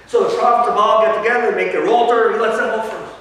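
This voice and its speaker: A man preaching a sermon as a pastor, telling the story with animated swings between quiet asides and loud emphasis. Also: high voice, fast talker, few pauses. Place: church sanctuary. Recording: echoey church hall from far off.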